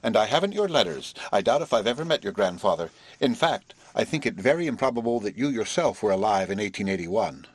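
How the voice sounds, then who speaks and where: A man reading the part of a formal, earnest young male prodigy who lectures and bristles, in a husky voice. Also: fairly low pitch, expressive, fairly quick, few pauses. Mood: indignant.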